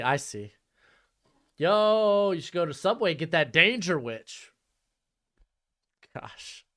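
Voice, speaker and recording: A man's voice: mid-range voice, a bit bright. A man live-streaming a football watch-along, chatting casually and jumping between calls on the plays and replies to his chat.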